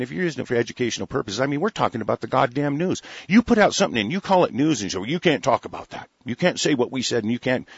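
A man's voice: on the low side, no room sound. Profane, heated man ranting over the news. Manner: profane, heated, interrupting his own reading to rant. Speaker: commentator reading news aloud. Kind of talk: reading an article with angry commentary. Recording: dull lo-fi sound.

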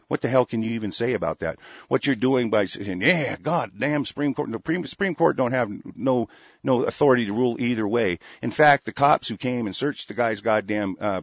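A man's voice: mid-range voice, dry recording. A man from Oregon delivering a fiery, profane, rambling political rant as a talk host. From Oregon, USA. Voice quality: gravelly, husky. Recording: dull lo-fi close mic.

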